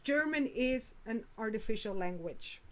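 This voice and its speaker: A woman host on a casual live stream, speaking slowly in a fairly high voice. She chats with her guests and thanks her viewers between points. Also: expressive, slight background noise. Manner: thanks the chat, chatty and slow-spoken. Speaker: streamer hosting a chat.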